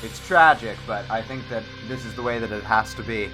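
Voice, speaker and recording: A man hosting a live-stream clip tournament in casual chat, excitable and rambling with lots of fillers. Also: lowish voice, a little fast, music in the background.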